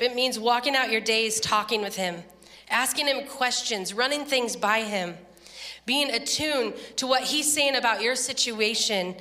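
A woman preaching a sermon, telling a story with lively, laughing quotes. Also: a little high, in a large hall. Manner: animated storytelling, laughing, voice jumps up when quoting. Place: church.

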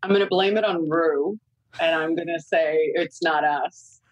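A woman in her forties chatting candidly on a podcast, telling lively parenting stories and swearing freely. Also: sits low, a little slow, no room sound, low-quality recording. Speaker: guest consultant. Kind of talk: casual podcast chat.

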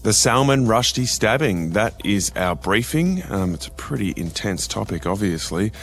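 A man's voice: on the low side, lively intonation, normal speed, fairly bright tone, faint music behind. A young Australian man hosting a news podcast, chatty and upbeat. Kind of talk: casual news podcast chat.

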